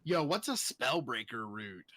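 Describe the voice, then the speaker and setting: A young man co-hosting a casual comedy podcast, laughing, swearing and reacting loudly. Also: medium pitch, sing-song, measured pace, crowd noise. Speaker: podcast co-host.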